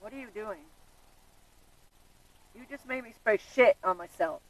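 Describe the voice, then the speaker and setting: A woman's voice: mid-range voice, unhurried, dry recording, distant mic, low-quality recording. A woman who is a passer-by, talking in an indignant way and cursing.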